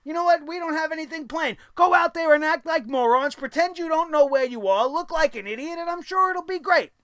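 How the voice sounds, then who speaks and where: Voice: high-pitched, expressive, fairly quick, fairly bright tone, dry recording, clean studio sound, voice pushed up. A vlogger putting on a blunt wrestling boss who barks careless orders in a sarcastic tone. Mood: mocking.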